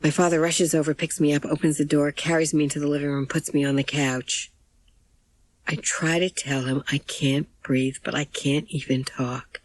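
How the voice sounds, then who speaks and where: A woman's voice: low voice, little pitch movement, normal speed, rough recording. A woman reading an audiobook in first person, with plain, intimate storytelling. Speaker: audiobook narrator.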